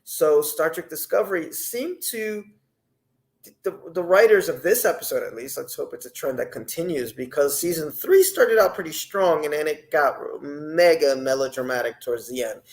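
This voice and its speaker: A man giving a casual, rambling spoken review of a TV episode, animated, with many fillers and restarts. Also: a little high, normal speed, poor audio.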